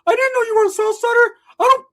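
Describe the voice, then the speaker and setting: A man putting on the voice of his excitable teenage cousin, squealing and overexcited. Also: extremely high pitch, fast, voice pushed up. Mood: thrilled.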